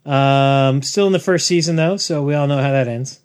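A man in his forties co-hosting a podcast in relaxed chat. He banters wryly and playfully. His voice is a little higher than most men's. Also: moderate pace. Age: 40s. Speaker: podcast co-host. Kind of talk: casual chat.

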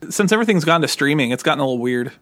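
A man in his thirties co-hosting a casual podcast chat, lively and acting out quoted voices as he tells stories. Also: a little high, rapid-fire. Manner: animated, acts out quoted voices. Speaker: podcast co-host.

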